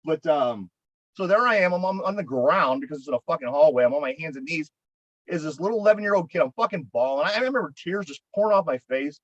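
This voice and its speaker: A man's voice: on the high side, lively intonation, fast talker, no echo, dull audio. A man with a Pittsburgh accent, co-hosting a podcast and telling a long story in a rambling, profane way, often repeating his words. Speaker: podcast co-host. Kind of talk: casual storytelling chat.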